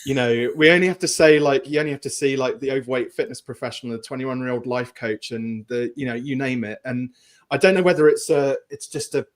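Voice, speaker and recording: A man co-hosting a panel talk, speaking in an animated, joking and frank way. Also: mid-range voice, brisk.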